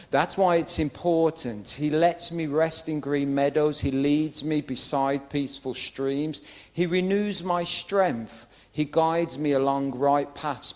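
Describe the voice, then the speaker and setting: A young man preaching a sermon in a church, earnest and direct, with humorous asides. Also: mid-range voice.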